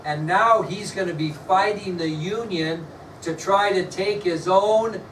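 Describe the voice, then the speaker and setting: A male history teacher lecturing a class, quizzing students and spelling words out slowly. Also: high voice, fairly bright tone, a little hiss or hum. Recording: echoey classroom, mic far off, faint ambience.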